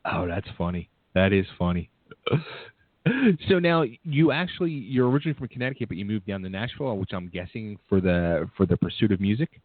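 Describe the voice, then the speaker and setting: A laid-back man hosts a casual radio interview, laughing often and stumbling over his words. His voice sits fairly low. The sound is dry, with no room around it, and thin like a phone line. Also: animated, brisk, dry recording.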